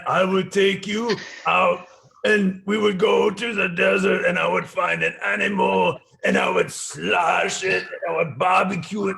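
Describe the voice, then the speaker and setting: A man doing a gravelly, brutish barbarian. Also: sits high, a bit bright, heavily acted. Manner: gruff and blunt. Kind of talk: improv comedy over a video call.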